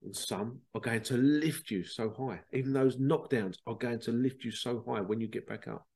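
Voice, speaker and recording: A man's voice: medium pitch, normal speed, a little mellow. Rambling man hosting a podcast. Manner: rambling, repeats words, asks rhetorical questions. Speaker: podcast host. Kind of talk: casual solo podcast monologue.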